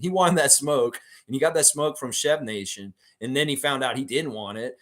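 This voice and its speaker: A man's voice: medium pitch, a bit bright. A man hosting a live fan stream, chatting casually, reading viewer comments, and swearing freely with lots of fillers. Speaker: fan show host.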